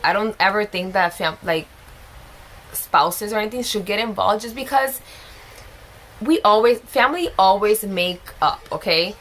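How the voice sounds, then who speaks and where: A woman's voice: mid-range voice, a little slow, a bit bright. Young woman doing a story time, super chatty and emotional, lots of oh my god energy. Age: young adult. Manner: chatty and emotional, often exclaiming. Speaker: vlogger. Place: at home with a small child.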